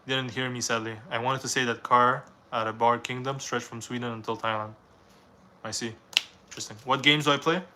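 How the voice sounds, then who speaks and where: Bright-voiced young man streaming. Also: mid-range voice, steady tone, fairly quick, a little hiss or hum. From Canada. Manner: reads viewer questions aloud, then answers with rambling opinions. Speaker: live streamer answering chat. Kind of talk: casual live-stream Q&A.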